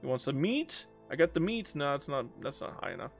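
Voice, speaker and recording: A man's voice: on the high side, very animated, fast, vocal fry, no echo, faint music behind. Goofy man joking through a strategy game. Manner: goofy, teasing, calls everyone bro. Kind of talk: let's-play commentary talking to the game.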